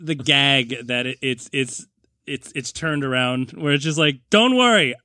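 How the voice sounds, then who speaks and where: A man's voice: mid-range voice, steady tone, measured pace, pushed and bright, no echo, studio quality. A man co-hosting a podcast, chatting casually about movies, rambling, laughing often and acting out lines. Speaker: podcast co-host.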